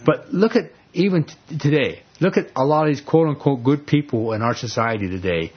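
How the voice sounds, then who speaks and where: A man teaching a Bible passage in a casual sermon, telling the story with animated energy and repeating words. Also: mid-range voice, fairly quick, breathy edge. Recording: dull lo-fi recording.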